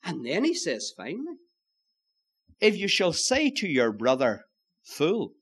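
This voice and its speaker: A man preaching a sermon, moving between loud stresses and hushed, solemn phrases. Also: a little high, huge pitch swings, measured pace, slightly rough. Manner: old-fashioned preaching, swinging from loud emphasis to hushed.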